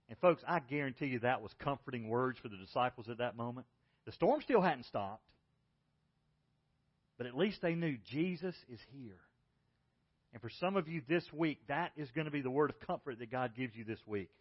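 A middle-aged man preaching a sermon as pastor, telling a personal story and moving between loud, excited bursts and hushed, tender lines. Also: fairly high pitch, normal speed, lo-fi sound.

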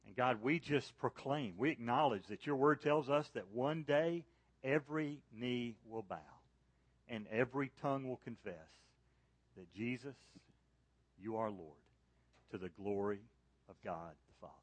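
A man preaching a sermon to a church congregation, rising to loud, high emphasis on key points and falling soft and low in prayer. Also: a little slow, no room sound. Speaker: pastor. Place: church service.

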